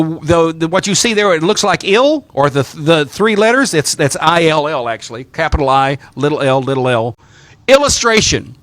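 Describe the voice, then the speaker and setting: A man's voice: fairly high pitch, a bit bright, no room sound. A middle-aged man from the American South with a Southern accent, a priest teaching clergy how to preach, with folksy storytelling and repeated phrases. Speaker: Orthodox priest teaching homiletics.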